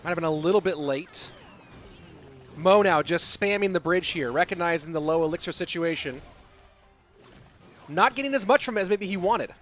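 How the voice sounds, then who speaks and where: A man casting a live esports match, with excitable play-by-play and rambling asides. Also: sits high, normal speed, pauses often, faint music behind. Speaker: esports caster. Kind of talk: live game commentary.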